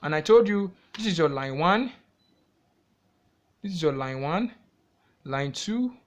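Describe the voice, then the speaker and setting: A man's voice: a little high, expressive, unhurried. A man with a Nigerian English accent teaching a music theory lesson, repeating himself often and asking the viewer questions before he answers them.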